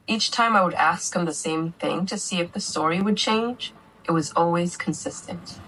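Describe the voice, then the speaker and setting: A woman with a lowish voice tells her story steadily and earnestly, like an interview testimony. A faint hiss of room noise sits under her words. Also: a bit bright, low-quality recording. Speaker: mother telling her family's story.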